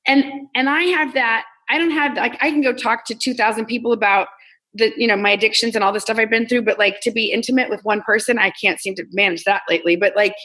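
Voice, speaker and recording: A woman's voice: fairly high pitch, fast, rough recording. A woman from Texas, a comedian and coach talking candidly as an interview guest and acting out her own self-talk. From Texas, US South. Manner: candid, animated, acts out quoted self-talk. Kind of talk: casual interview conversation.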